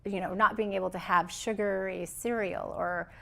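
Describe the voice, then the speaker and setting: A woman's voice: medium pitch, steady tone, moderate pace, vocal fry. A woman host asking curious follow-up questions in an interview. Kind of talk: conversational interview.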